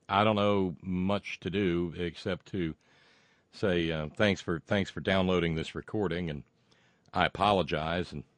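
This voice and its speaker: A man hosting a podcast alone, rambling and halting through sardonic remarks. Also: deep voice, no echo. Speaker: podcast host. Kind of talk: casual solo podcast monologue.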